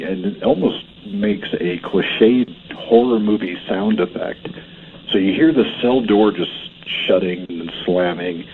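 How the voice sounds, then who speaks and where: A man's voice: fairly low pitch, slight background noise. Man on a tinny phone line. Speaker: paranormal investigator guest. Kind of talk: casual on-air conversation.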